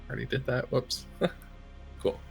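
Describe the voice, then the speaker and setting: A man's voice: normal speed, faint music behind. A man player in a tabletop game, chatting and joking casually. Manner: joking, laughs often. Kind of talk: casual chat.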